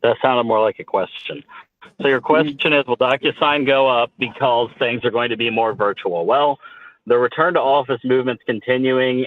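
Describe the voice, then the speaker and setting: A man with a middle-pitched voice gives a confident, explanatory answer in a trading chat, with a bit of teasing. His voice comes through a thin, phone-like line and sounds dry. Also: no room sound. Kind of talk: casual market discussion.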